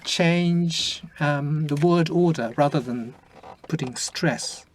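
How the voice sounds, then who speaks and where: A man whose first language is Japanese, hosting an interview in English and speaking in a halting, reflective way as he searches for words. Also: fairly high pitch, slight background noise. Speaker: host.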